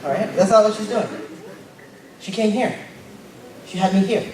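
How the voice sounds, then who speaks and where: A young man giving a casual, joking sermon as a lay preacher, tagging his points with quick asides. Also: sits high, darkish tone. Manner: informal and joking, tags lines with "right?". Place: church hall. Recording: very echoey church hall, mic far off. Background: congregation noise.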